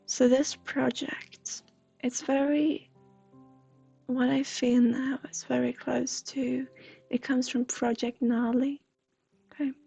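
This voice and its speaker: A woman giving a gentle, half-whispered livestream psychic reading. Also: sits high, little pitch movement, slow, gravelly, slightly rough, faint music behind. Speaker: intuitive reader.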